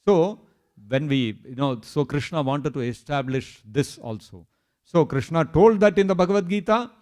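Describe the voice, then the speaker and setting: A man's voice: fairly high pitch, expressive, moderate pace, a little mellow. A man preaching a scripture sermon at a temple, telling stories with emphatic lists and dramatized quotes.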